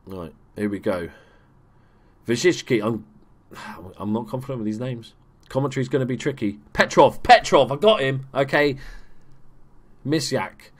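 A man's voice: mid-range voice, normal speed, pauses often. Young male gaming YouTuber, chatty and self-deprecating, loose play-by-play. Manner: chatty, self-mocking, swears when excited. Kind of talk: casual let's play commentary.

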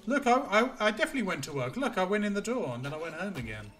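A young man chats through a live game stream, humming little tunes and cursing at enemies. His voice is bright and forceful, sitting slightly high, with faint game music underneath. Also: sing-song, very fast. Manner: playful, hums tunes and swears at the game. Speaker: streamer playing a video game. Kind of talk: casual live-stream chat.

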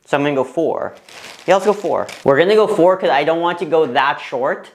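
A young man vlogging casually to the camera in a bathroom. His nervous, excitable chatter breaks into squeals and laughter. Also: fairly high pitch, fairly quick. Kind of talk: casual vlog talking to camera. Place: parents' bathroom, indoors.

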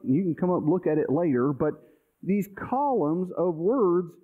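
A male pastor teaching an informal Bible study class, explaining things conversationally with everyday examples and often checking in with "okay?". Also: high voice. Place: church. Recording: tinny, phone-like sound.

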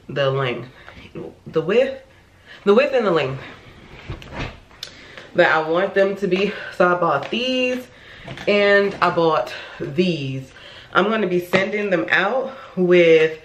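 Woman, vlogger, from Florida, casual rambling chat, self-correcting, home, echoey room. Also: lowish voice. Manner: rambling, chatty, often restarts and corrects herself. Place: her home. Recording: echoey room with faint noise.

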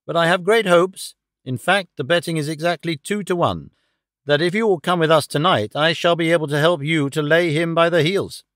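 A man voicing a calm, shrewd detective who speaks in a measured, quietly confident way. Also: on the high side, no echo, clean studio sound, voice pushed up, natural voice.

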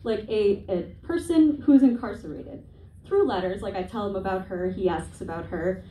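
A woman's voice: medium pitch, moderate pace, dark tone, slight background noise. A woman in her twenties doing a stand-up comedy set on a club stage, with profane, self-deprecating humor and wry asides. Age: 20s. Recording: echoey room, heard from a distance.

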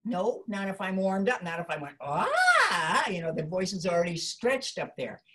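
A woman's voice: fairly low pitch, fairly quick. A middle-aged woman teaching character voice technique, switching between demonstration voices and explanation. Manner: animated, jumps between demo voices and explanation. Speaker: voice acting teacher.

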